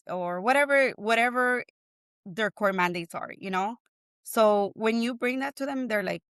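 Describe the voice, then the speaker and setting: A woman talks through her work in a smooth, resonant voice. She tells her stories energy and voices the people she quotes. The sound is dry and close, no room echo. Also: mid-range voice, normal speed. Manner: animated storytelling with laughs and acted-out quotes. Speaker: guest, family advocate. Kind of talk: casual interview conversation.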